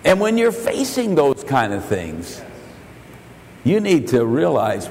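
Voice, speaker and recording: An older male pastor preaching a sermon, telling stories and quoting scripture in an earnest, measured way. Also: mid-range voice, wildly swooping pitch, darkish tone. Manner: slow, earnest preaching with storytelling and King James quotations. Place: church sanctuary. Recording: long hall reverb in a church.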